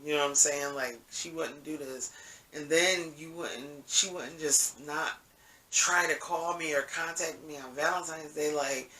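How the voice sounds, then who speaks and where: A man's voice: fairly high pitch, steady tone, measured pace, sharp tone. A man telling a story in a casual monologue, rambling and profane, often asking "you know what I'm saying". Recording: echoey room, mic at a distance.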